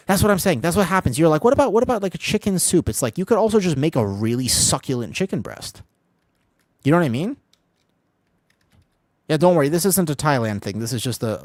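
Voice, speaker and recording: A man streaming an online game as a healer, rambling excitably through casual commentary, swearing freely and laughing often. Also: medium pitch, no echo, studio quality. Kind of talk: casual live gameplay commentary.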